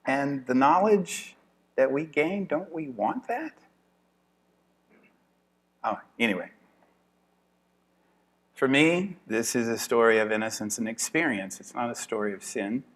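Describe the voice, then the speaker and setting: A man's voice: medium pitch, lively intonation, unhurried, long pauses. A man giving an informal evening lecture to a class. He talks in a chatty way, laughs often and thinks aloud with restarts.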